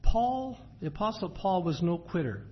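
A somewhat high-voiced man preaches with lively intonation, first reading scripture in a steady, measured rhythm. He then explains the passage in simple, everyday words, recorded in dull lo-fi sound with faint ambient noise.

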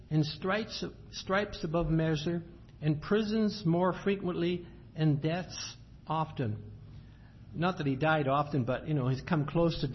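Scripture is read in a measured cadence by a man with a somewhat high voice, who then explains it in plain terms as he preaches. Faint ambient noise runs under the dull, lo-fi recording.

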